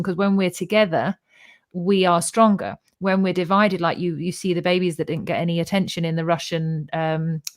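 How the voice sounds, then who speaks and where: A woman hosting a casual live conversation, telling stories in an animated, chatty way. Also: on the low side. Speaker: host of a live spiritual talk stream.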